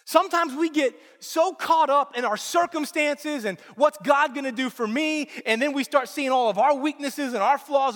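A man's voice: very high-pitched, fairly bright tone, in a large hall. A man preaching a sermon as pastor, in an earnest, emphatic manner.

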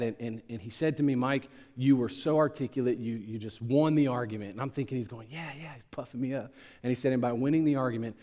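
A male pastor preaching a sermon, swinging from loud, emphatic peaks to hushed, low asides. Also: big-room sound.

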